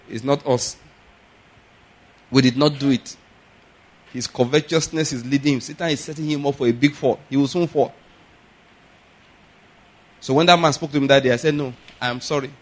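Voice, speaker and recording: A male pastor delivers a sermon. He tells stories and acts out both sides of a conversation, swinging from loud exclaims to quieter asides. His voice sits a little higher than most men's. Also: a little fast, slightly rough. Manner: animated storytelling, rising to loud exclaims.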